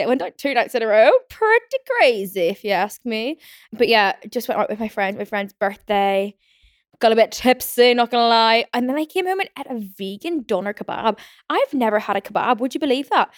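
A woman's voice: a little high, fairly quick, dry recording, studio quality. A young woman hosting a casual solo podcast, rambling and chatty with lots of "like". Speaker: podcast host. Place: home.

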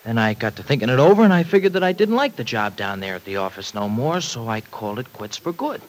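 An actor playing a brash, bitter young ex-con in a 1940s radio drama, talking in gruff slang. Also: male voice, medium pitch, sing-song, fast, lightly acted, poor audio. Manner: slangy, gruff, self-pitying talk. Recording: old radio recording with faint hiss.

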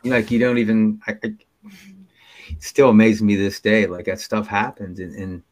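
A man telling his own recovery story as a podcast guest, earnest and halting, with many restarts and dips to near whispers. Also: on the low side, little pitch movement, a little mellow. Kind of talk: personal storytelling in an interview.

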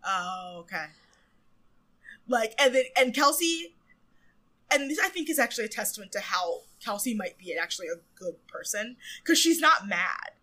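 Bright-voiced woman chatting casually. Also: fairly high pitch, big pitch swings, moderate pace, rough recording. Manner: chatty storytelling, swears casually. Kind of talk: casual chat recapping a TV moment.

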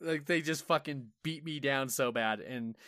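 A man's voice: mid-range voice, normal speed, a bit bright, dry recording, studio quality. A man co-hosting a casual gaming podcast, telling stories with lots of swearing and acting out his own reactions. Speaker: podcast co-host.

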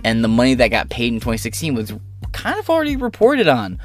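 A man's voice: medium pitch, wildly swooping pitch, fast, faint music behind. A man hosting an online political commentary show, reading news articles aloud and breaking off into rambling, profane, sarcastic asides.

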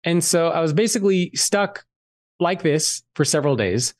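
A man guest on a podcast, telling a personal story in a candid, animated way and swearing freely. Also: fairly high pitch, normal speed, no echo. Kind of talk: casual storytelling interview.

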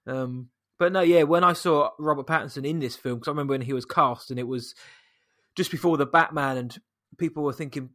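A man discussing a film in casual chat, weighing its flaws in a measured, critical way. His voice sits a little higher than most men's. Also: fairly bright tone.

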